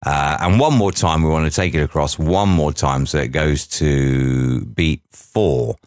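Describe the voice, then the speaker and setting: A man's voice: a bass voice, unhurried, a little mellow, dry recording, clean studio sound. A man teaching audio editing, talking through each step aloud with chatty asides. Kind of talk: software tutorial walkthrough.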